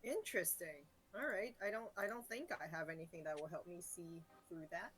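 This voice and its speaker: Playful woman player, bright voice. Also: lowish voice, a little fast. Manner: playful, casual. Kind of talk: tabletop game play.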